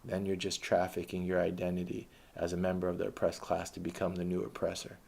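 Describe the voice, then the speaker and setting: A man's voice: low voice, completely flat delivery, fast talker, vocal fry, darkish tone, a little hiss or hum. A man delivering an impassioned political monologue, ranting with frequent restarts and hesitations. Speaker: political commentator.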